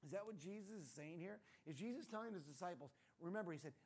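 A man's voice: high voice, lively intonation, quick pace, darkish tone, slightly rough. A male pastor giving a casual, conversational sermon in a church room, often tossing in rhetorical questions like "right?".

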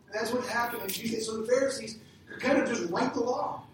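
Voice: mid-range voice, quick pace, distant mic. A pastor preaching a conversational sermon, asking the congregation questions as he goes. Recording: echoey hall, speaker away from mic, faint noise.

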